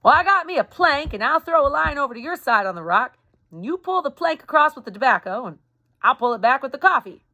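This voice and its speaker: A woman voicing a friendly, ragged young male Confederate soldier with a soft, low Southern drawl. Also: very animated, fast, heavily acted. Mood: friendly, coaxing. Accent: American Southern drawl.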